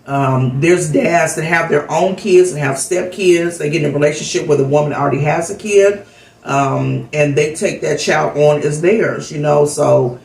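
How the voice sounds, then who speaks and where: A woman's voice: low voice, moderate pace, creaky, a little mellow, far from the mic. A woman vlogger telling a heartfelt story in a casual, rambling way with lots of fillers, recorded off-mic in an echoey room. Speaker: vlogger host.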